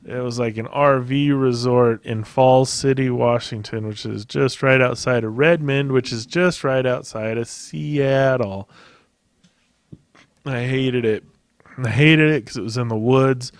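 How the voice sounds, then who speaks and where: A man's voice: medium pitch, steady tone, unhurried. A man hosting a podcast solo, rambling in a casual, profane way and laughing at his own jokes. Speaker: podcast host.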